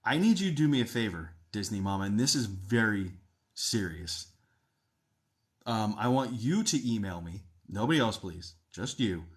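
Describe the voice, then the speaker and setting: A man hosting a live stream as a psychic medium, chatting with viewers, thanking them and describing what he senses in a steady, explanatory way. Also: fairly low pitch, normal speed. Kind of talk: casual live-stream chat with readings.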